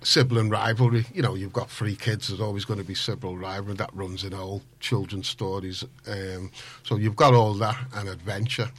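A man, a low, husky voice, talking as a guest author in a radio studio. He rambles animatedly, circling back and restarting his sentences as the stories pour out. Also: little pitch movement, moderate pace, hardly any pauses. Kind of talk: casual radio interview.

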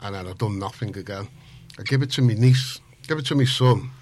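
A man, a guest author telling stories in a casual radio interview, full of restarts and animated asides. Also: fairly low pitch, fairly quick, background noise. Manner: animated, rambling storyteller with many restarts. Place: radio studio.

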